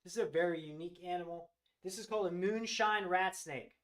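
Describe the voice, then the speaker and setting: High-voiced, excited man hosting a live sale. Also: brisk. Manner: enthusiastic, gushing over animals. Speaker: host of a live reptile sales show. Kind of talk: live-stream product showcase.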